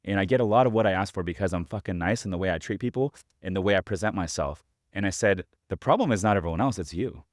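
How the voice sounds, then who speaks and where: A man with a very deep, low voice hosts a podcast and talks quickly. He rambles through a story with lots of fillers and offhand swearing, in a dry, close recording. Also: no echo. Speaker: podcast host. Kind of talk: casual interview chat.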